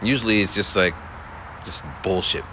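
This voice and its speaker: A man's voice: fairly low pitch, moderate pace, sharp tone, slight background noise. A male schoolteacher telling a story in a casual, rambling monologue, full of restarts and voiced quotes. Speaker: school teacher.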